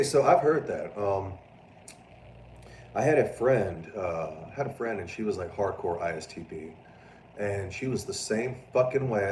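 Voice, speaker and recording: A man hosts a casual livestream, reading viewer comments and riffing loudly with plenty of swearing. His voice sits low and sounds roomy, picked up from a little distance off the mic, with a faint hiss behind it. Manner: loud, animated, profane, prone to mocking voices. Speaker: livestream host.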